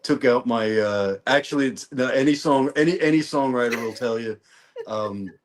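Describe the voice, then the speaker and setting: A man's voice: medium pitch, normal speed. A man from New Orleans, a songwriter guest in a casual interview, telling stories with frequent restarts and repeated words. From New Orleans, Louisiana. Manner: relaxed storytelling with many restarts and repeated words.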